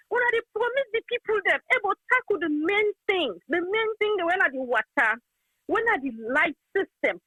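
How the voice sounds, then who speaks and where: A woman's voice: very high voice, expressive, normal speed, sharp tone, no room sound, rough recording. A woman from Sierra Leone with a Krio accent, calling in to a phone-in show and complaining in a rambling, indignant way. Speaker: caller. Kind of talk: phone-in call, heated complaint.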